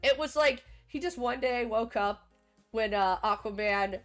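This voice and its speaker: A young adult woman hosting a livestream, chatting in a rambling, animated, giggly way. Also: a little high, measured pace, faint music behind. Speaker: livestream host. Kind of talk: casual stream chat.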